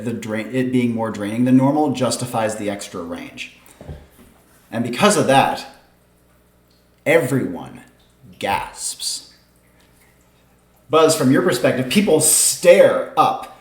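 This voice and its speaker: A man's voice: medium pitch, lively intonation, a little slow. A man running a tabletop game as game master, narrating steadily and descriptively. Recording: roomy echo.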